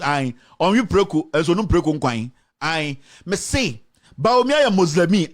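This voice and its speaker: High-voiced fiery Ghanaian man. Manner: fiery, rhetorical questions, code-switching. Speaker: political commentator. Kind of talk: impassioned political rant.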